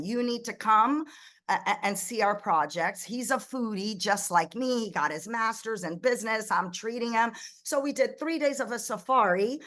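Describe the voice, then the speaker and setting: A middle-aged woman, a ministry founder raised in the United States, telling stories as an interview guest in a lively way, often restarting her sentences. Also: mid-range voice. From Egypt, raised in the United States. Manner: animated storyteller, frequent restarts and quoted dialogue. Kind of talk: conversational interview.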